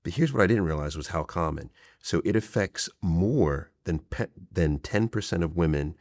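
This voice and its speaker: Male host, earnest and explanatory; low voice that moves around a lot. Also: animated, normal speed, a little mellow, no echo, studio quality. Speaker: podcast host and relationship coach. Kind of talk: interview questions.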